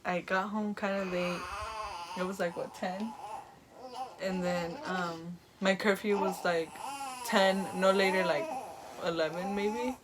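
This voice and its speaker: A woman's voice: mid-range voice, steady tone, slow pace, crowd noise. A young woman vlogger casually telling a personal story, rambling with lots of "like" and "um". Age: young adult. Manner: rambling, full of "like" and "um".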